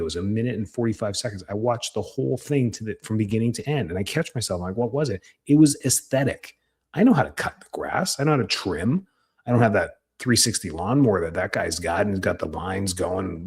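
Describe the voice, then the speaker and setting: A man giving a casual, animated talk as a marketing coach, often quoting people in a raised voice. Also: husky. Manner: animated, conversational, jumps in pitch when quoting patients.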